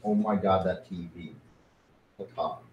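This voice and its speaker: Male player, deep-ish, joking, echoey recording. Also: steady tone, a little slow, highs cut off. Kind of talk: casual tabletop game chat. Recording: echoey room.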